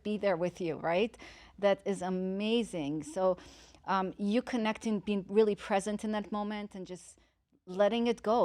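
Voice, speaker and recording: A woman's voice: medium pitch, a little mellow. A woman hosting an interview, responding with eager, affirming enthusiasm and asking follow-up questions. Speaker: podcast host. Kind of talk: casual interview.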